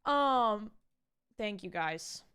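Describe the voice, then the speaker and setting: A young woman streaming live, chatting and ranting to her viewers in an animated way, swearing casually. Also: medium pitch, very slow, smooth. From Canada. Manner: animated, ranty, swears casually, talks to chat.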